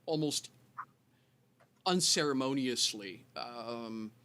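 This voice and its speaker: A man's voice: mid-range voice, animated, takes it slowly, sharp tone, slight background noise. A man runs a tabletop game as game master. He rambles through his descriptions, full of fillers and false starts, and keeps circling back to his point. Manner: rambling, many fillers and restarts.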